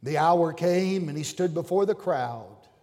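A man preaching a sermon as pastor, swinging between fervent, raised passages and quiet, hushed appeals to the congregation. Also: a little high, lively intonation, a little slow. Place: church sanctuary with pews. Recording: long reverb of a church hall.

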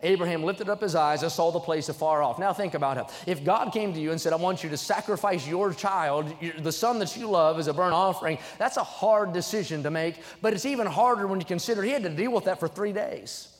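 A young man preaching in a church sanctuary, his fairly high voice carrying a long hall reverb. He drives his points with emphasis and swells into loud, fervent peaks. Between points he reads scripture aloud. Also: fairly quick, few pauses. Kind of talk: sermon.

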